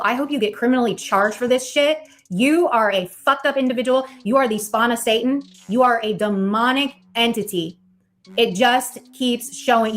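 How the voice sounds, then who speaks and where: A woman with a fairly high voice rants on a livestream and fires off profane insults. She sounds furious and accusing, and faint music plays under her talk. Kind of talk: heated livestream rant.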